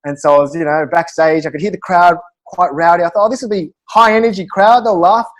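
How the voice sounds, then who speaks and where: A quick, high-voiced Australian man spins comedy anecdotes for a podcast interview, animated and chuckling along as he goes. He talks in a brisk tumble of words. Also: poor audio. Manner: animated, chuckling through his own stories. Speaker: guest comedian.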